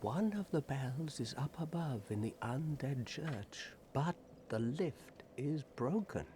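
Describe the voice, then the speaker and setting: Gloomy undead warrior, video game dialogue, slow, sardonic, depressing monotone, noisy game audio. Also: male voice, medium pitch. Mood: weary, sardonic. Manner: cynical, world-weary, mocking. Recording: game audio with steady background noise.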